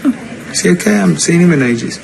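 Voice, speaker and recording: An actor playing a dry, sardonic adult son who answers his mother with deadpan quips. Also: a little high, fast talker, vocal fry. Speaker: soap opera character. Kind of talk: television drama acting. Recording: noisy broadcast soundtrack.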